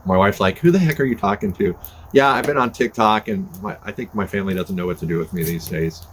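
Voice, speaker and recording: A man's voice: on the low side, fast talker. Folksy older man chatting on a porch. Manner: folksy, rambling, self-deprecating. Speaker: podcast host. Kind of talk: casual chat to camera. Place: front porch by a fire, outdoors. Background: fire crackling, passing cars.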